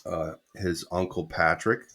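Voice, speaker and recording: A man's voice: low-pitched, steady tone, a little slow, pushed and bright. A middle-aged man, a guest musician, telling a casual anecdote with quoted dialogue and the odd swear word.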